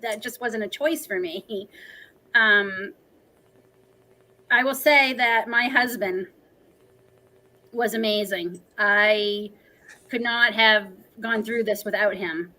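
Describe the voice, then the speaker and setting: Bright, earnest woman in her forties. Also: medium pitch, slow, long pauses, poor audio. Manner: earnest, emotional, talkative. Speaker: guest. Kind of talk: livestream chat, personal storytelling.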